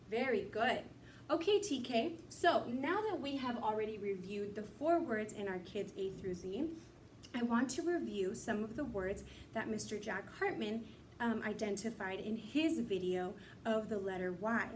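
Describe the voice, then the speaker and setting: Sing-song teacher woman, high voice. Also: lively intonation, distant mic, slight background noise. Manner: slow, sing-song teacher talk, drawing out sounds. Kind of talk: recorded kindergarten phonics lesson.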